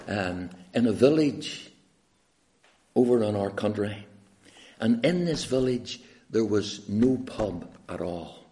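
A man with a Northern Irish accent preaching an evangelistic sermon full of stories, swinging from hushed words to loud, pleading questions. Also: on the low side, reverberant.

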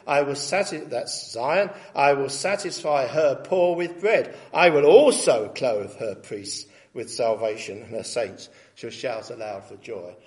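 Preacher reading scripture with emphasis. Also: male voice, medium pitch, darkish tone. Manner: reads scripture aloud with rising emphasis, then comments plainly; deliberate, stresses key words. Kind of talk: expository sermon.

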